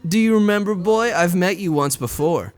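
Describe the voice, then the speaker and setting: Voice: mid-range voice, expressive, normal speed, soft background music, close to an everyday voice. Someone reading a visual novel aloud, voicing a gaudy, brash, predatory woman in a near-plain voice.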